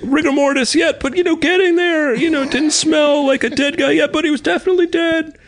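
A man putting on the voice of a loud, blunt rural neighbor who shouts and keeps repeating himself. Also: extremely high pitch, steady tone, a little fast, pitched above the performer's own voice. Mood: blunt shouting.

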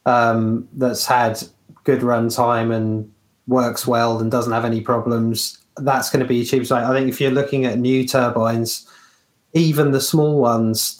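Halting man in a roomy echo. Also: mid-range voice. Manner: halting, many ums and restarts. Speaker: co-host reading chat. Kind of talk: casual hobby chat on a live stream. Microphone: remote call mic.

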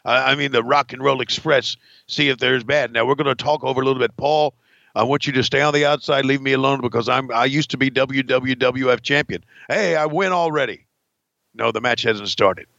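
A man doing a gravelly gloating villain wrestler. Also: mid-range voice, fairly even intonation, a little fast, sharp tone, no room sound, dull audio. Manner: gloating, mocking, play-by-play of his own moves. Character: gloating villainous male Russian-gimmick wrestler, veteran.

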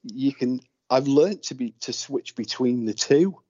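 A man's voice: mid-range voice, unhurried, no echo, dull audio. A man from Aberdeen with a Scottish accent, a podcast co-host chatting casually and telling anecdotes with lots of laughter. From Aberdeen, Scotland. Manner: animated storyteller, laughs often, acts out callers. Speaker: podcast co-host, ghost investigator. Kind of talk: casual chat.

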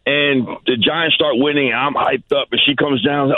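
A man calling into a sports radio show to tell a story about his daughter, animated and chatty. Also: mid-range voice, a little fast, no echo. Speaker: caller, father. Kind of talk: call-in story. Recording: tinny phone line.

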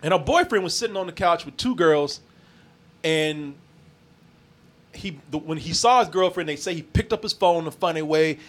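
High-voiced laughing man, loose and profane. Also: lively intonation, moderate pace, a bit bright. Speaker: podcast host. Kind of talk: casual podcast chat.

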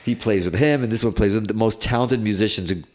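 A middle-aged man with a fairly low voice tells stories from the road in a loose, chatty interview. He rambles, doubles back, and piles on filler words as he goes. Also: quick pace. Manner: animated, rambling, filler-heavy with many "like"s. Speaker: guest guitarist. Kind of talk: casual interview storytelling.

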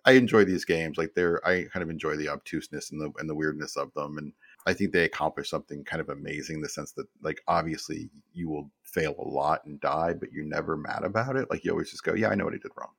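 A man's voice: rumbling low, quick pace, fairly bright tone, slightly rough, dry recording, studio quality. A man in his fifties, a guest telling stories in a casual interview, rambling and doubling back to repeat words.

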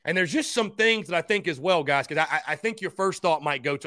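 A man hosts a live call-in sports show in a bright, forceful voice that sits a little high. He speaks straight to his viewers, thanks supporters by name and repeats his points with energy. The sound is dry and close. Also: fairly quick, no echo. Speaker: podcast host.

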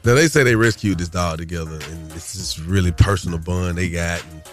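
Laid-back male radio host, low voice. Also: a little fast, soft background music. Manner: laid-back, laughs often. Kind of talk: casual radio chat.

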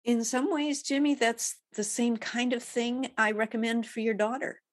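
A woman's voice: fairly high pitch, fairly even intonation, moderate pace. A woman guest on an interview, giving direct advice in a coaching way. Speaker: guest, grief author.

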